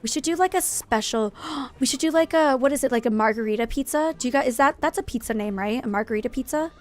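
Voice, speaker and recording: Playful woman streamer, slightly high voice. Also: fast, soft background music. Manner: playful, jokingly dramatic rants, greets chat viewers. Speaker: live-streamer. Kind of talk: casual live-stream chat while gaming.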